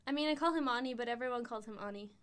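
A young woman with a high, bright-pitched voice co-hosts a casual podcast. She giggles through her jokes and jumps eagerly into stories. Her talk is loose and playful. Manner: giggly, jokey, quick to tell stories. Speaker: podcast co-host.

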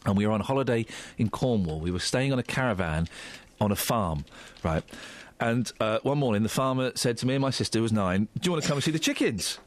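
A man's voice: fairly low pitch, animated, fairly quick. A man hosting a jokey breakfast radio show, teasing his co-hosts with mock outrage.

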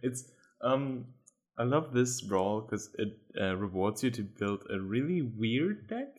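A man's voice: mid-range voice, animated, unhurried, darkish tone. A man co-hosting a casual gaming chat, laid-back and joking, laughing as he talks. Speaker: podcast co-host.

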